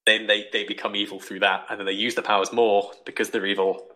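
A young man casually talking through a book on a podcast, rambling and animated, acting out quoted thoughts. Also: lowish voice, fast talker, slight background noise, low-quality recording. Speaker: podcast host reviewing a book.

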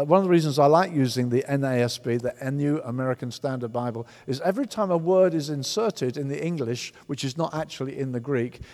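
A man preaching a sermon as a pastor, emphatic and animated, often repeating words for stress. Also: on the high side. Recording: long hall reverb.

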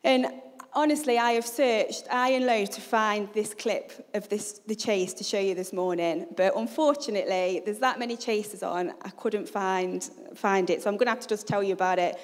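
A woman's voice: medium pitch, normal speed, long reverb tail. A woman giving a chatty, humorous sermon and asking the congregation questions. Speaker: preacher.

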